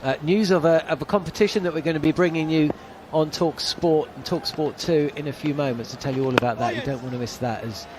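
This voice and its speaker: A man's voice: a little high, fast, hardly any pauses, noisy background. A man giving live ball-by-ball radio cricket commentary, chatty and wry.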